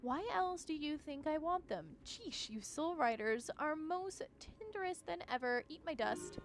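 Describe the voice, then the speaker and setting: A woman's voice: sits high, lively intonation, unhurried, soft background music. A woman voicing a sassy, scheming young woman villain in a horse-riding game, with mocking, haughty taunts. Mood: taunting.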